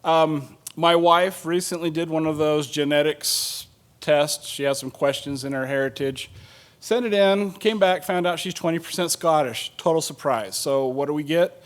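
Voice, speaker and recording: A middle-aged man gives a conference panel talk in a relaxed, joking way, with plenty of ums and uhs. His voice sits a little high for a man. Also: moderate pace. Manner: casual and joking, with many fillers. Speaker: state water agency planner presenting at a conference.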